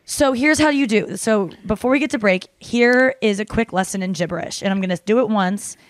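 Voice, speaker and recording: A woman hosting a casual chat podcast. She rambles through her stories with lots of "like" and "um" and casual swearing. Her voice sits at a middling pitch and sounds dry and close, with no room echo. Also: brisk. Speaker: podcast host. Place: hotel room.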